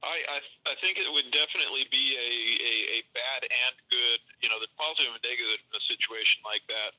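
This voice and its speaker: A man calling in to a show, speaking haltingly with stammered restarts. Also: mid-range voice, sharp tone, poor audio. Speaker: caller. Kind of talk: call-in conversation.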